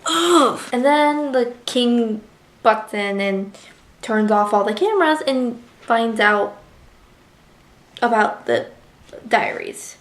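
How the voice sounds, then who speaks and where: Young woman, bookish vlogger, gushy and chatty, slightly high voice, roomy echo. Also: slow pace, pauses often. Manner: gushing, chatty, full of "like" fillers. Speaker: book reviewer. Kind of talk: casual book review vlog.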